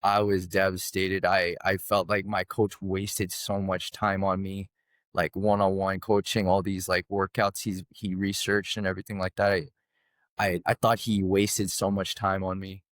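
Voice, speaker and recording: Low-voiced man telling a story casually. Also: moderate pace, no room sound, clean studio sound. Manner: animated, repeats "right?" often. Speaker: podcast guest.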